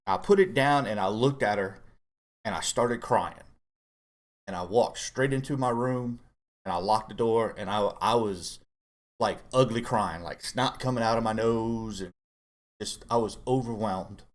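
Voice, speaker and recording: A middle-aged man with a voice sitting a little on the low side tells a personal story in casual conversation. He speaks earnestly and haltingly, restarting phrases as he opens up about hard feelings. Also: expressive. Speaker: co-host guest dad.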